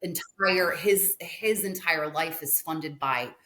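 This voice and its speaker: Low-voiced woman telling an animated story. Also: slow pace. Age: 40s. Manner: animated, chatty storytelling with frequent laughs. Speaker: restaurateur guest. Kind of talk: casual storytelling interview.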